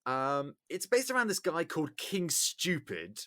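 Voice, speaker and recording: A man with an English accent, hosting a podcast in casual chat and telling stories with animated bits. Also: fairly high pitch, unhurried. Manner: animated storyteller, acts out bits loudly. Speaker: podcast host.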